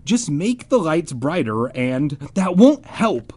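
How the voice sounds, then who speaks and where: A man's voice: mid-range voice, sing-song, takes it slowly, warm tone, husky, full character voice. A man reading as a stern gray boy leader. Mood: scolding. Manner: bossy, scolding.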